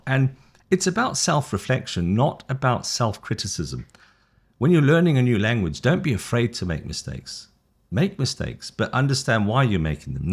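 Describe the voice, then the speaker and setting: Deep-voiced British man, lively teacher. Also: breathy edge. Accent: British English. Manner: lively, sing-song intonation with big rises and falls; friendly, encouraging, rambling with restarts. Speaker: English teacher. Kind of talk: online English lesson to camera.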